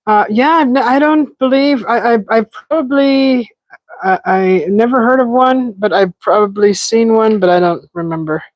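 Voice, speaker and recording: A woman's voice: on the high side, normal speed, dry recording, dull audio. Chatty giggly woman, dry close sound. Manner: chatty, giggly, restarts often. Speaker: livestream host. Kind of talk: casual live chat with viewers. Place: outdoors in a desert yard.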